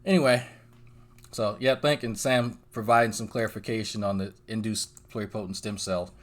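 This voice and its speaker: A man's voice: fairly low pitch, fairly even intonation, moderate pace. A young man hosting a commentary channel, rambling casually and swearing often between chuckles. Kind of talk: casual chat.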